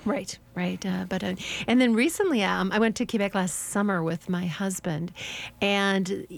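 A woman, a French teacher, chatting as a guest on a radio show and telling stories with a lively, laughing manner. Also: medium pitch, moderate pace, gravelly. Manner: chatty storyteller, laughs often. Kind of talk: casual radio interview chat.

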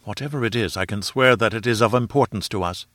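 A man's voice: fairly low pitch, quick pace, fairly bright tone, no echo, natural voice. A man voicing an earnest young adventurer who cries out his ideas eagerly.

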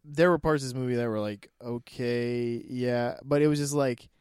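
A man's voice: mid-range voice, fast, darkish tone, clean tone, no room sound, studio quality. A man co-hosting a podcast, chatting casually about a movie, laughing often and restarting his sentences. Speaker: podcast co-host. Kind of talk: casual movie review chat.

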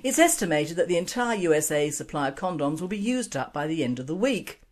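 Nervous aide on a late night call read by a woman, low voice, quick and hushed. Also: very animated. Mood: urgent.

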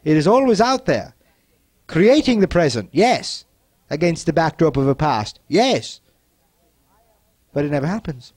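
A somewhat high-voiced man leads a motivational teaching talk, repeating his phrases slowly and with gentle insistence. He often sinks to a soft, hushed delivery, and the sound is close and dry with no room around it. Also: big pitch swings, no echo. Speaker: self-help teacher.

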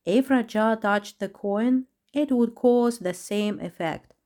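A woman doing an excitable, chatty parrot. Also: a little high, slow pace, pitched above the performer's own voice. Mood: excited. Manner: lively, exclaiming. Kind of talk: storybook reading.

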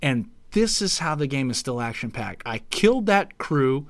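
Man telling a lively gaming story. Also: mid-range voice. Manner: animated storytelling, quickening during action. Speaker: gamer in group chat. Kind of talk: casual chat.

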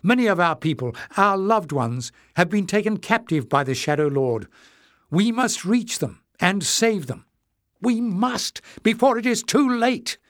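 A man's voice: fairly high pitch, very animated, normal speed, hardly any pauses, a bit bright, no room sound, pitched above the performer's own voice. A man playing a stubborn young heroine from a fantasy storybook, urgent and emphatic, her voice raised well above his own. The sound is dry and close.

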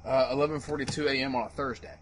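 A man co-hosting a podcast in casual chat, an animated storyteller who laughs often. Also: medium pitch, rapid-fire, a crowd in the background. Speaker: podcast co-host.

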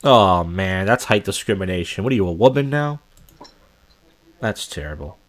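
A man's voice: sits low, animated, moderate pace. A man hosting a reaction video, giving crude, mocking commentary over clips and often breaking into laughter.

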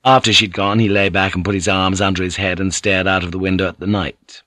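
A middle-aged man narrating a novel in a measured, dramatic, rhythmic reading. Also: low voice, flat delivery, sharp tone, no room sound. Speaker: audiobook narrator. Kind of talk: scripted narration.

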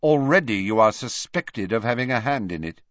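A man voicing a cold, stern male schoolmaster who speaks in a quiet, clipped, menacing way. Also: mid-range voice, lively intonation, moderate pace, dry recording, lo-fi sound, close to an everyday voice.

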